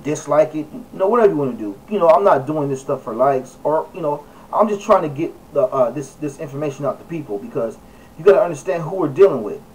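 A man with a fairly high voice talks casually to his viewers, pressing his points hard and repeating himself between fillers. He sits some way back from the mic, so his voice sounds a little distant. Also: a little mellow. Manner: emphatic, repeats phrases, many fillers. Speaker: video blogger. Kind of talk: casual vlog commentary.

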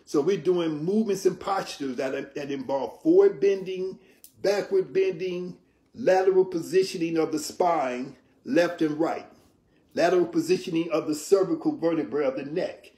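A man explains yoga practice to an interviewer in a measured, teacherly way. He often pauses to check in with "right?". His voice sits a little high and rings in a roomy space. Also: mellow. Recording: roomy echo.

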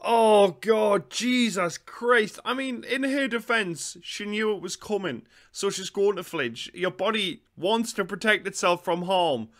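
Bright, high Geordie man reacting. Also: normal speed, few pauses. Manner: excitable, swearing, chatty. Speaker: reaction video host. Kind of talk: casual reaction commentary.

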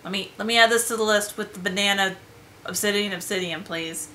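A woman giving a casual solo review vlog, gushing and chatty, often trailing off into soft whispered asides. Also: mid-range voice, fairly quick, slight background noise. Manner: chatty, fillers and self-corrections. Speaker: game lair reviewer.

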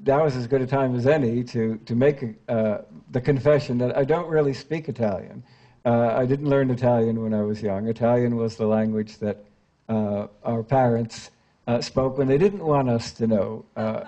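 At a public lecture before an audience, an older American literary translator reads his verse translations aloud, grave and measured, dropping to a hush. Off the page, he chats with listeners in a hesitant way with many fillers. His voice is medium-pitched, and the recording's highs are cut off.

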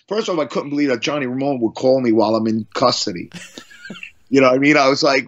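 A man's voice: mid-range voice, fast talker. Rambling middle-aged man telling stories. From Long Island, New York. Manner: rambling, many restarts and fillers. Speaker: guest musician. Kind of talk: casual storytelling interview. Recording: slightly muffled audio.

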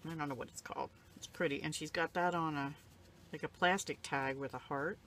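An older woman, a crafting vlogger, casually shows off craft supplies that came in the mail, rambling and gushing in a soft-spoken way and at times getting emotional, close to tears. Her voice sits low with fairly even intonation, and she talks a little fast. There's a slight hiss or hum on the recording.

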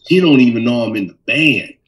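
A middle-aged man from Minnesota, a bassist telling stories in an interview with lively animation. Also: fairly quick, distant mic, a little hiss or hum, rough recording. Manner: animated storyteller, acts out voices in quotes. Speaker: bassist guest. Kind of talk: storytelling interview.

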